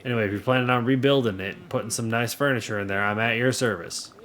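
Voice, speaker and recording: A man's voice: mid-range voice, fairly even intonation, fast, a bit bright, lightly acted. A man voicing a friendly, helpful small-town carpenter in a cowboy game, read in a light folksy manner. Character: friendly male townsman carpenter, chatty and helpful.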